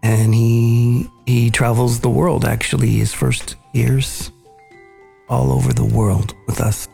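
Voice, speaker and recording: Low gravelly guy, mellow dark tone, thoughtful storytelling podcast host, faint music behind. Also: level tone. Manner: earnest, measured, recounting memories. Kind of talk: reflective storytelling conversation.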